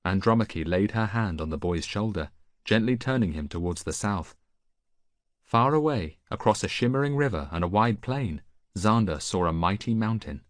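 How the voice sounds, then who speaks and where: A male audiobook narrator with a very low voice who tells the story in a lively, expressive way. The reading is recorded close and dry, with no room sound. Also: moderate pace, no echo. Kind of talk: scripted narration.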